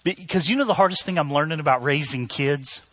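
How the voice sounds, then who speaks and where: A middle-aged man preaching a sermon as pastor, telling stories with sudden loud bursts that drop back to soft, earnest lines. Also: on the high side, brisk. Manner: storytelling with sudden loud outbursts, then soft.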